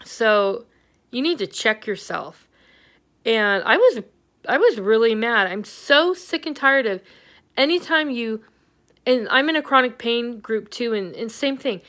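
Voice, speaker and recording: Middle-aged woman vlogger, candid and rambling, clear smooth voice, venting health update. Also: a little high, expressive, unhurried, fairly bright tone. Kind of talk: personal health update vlog.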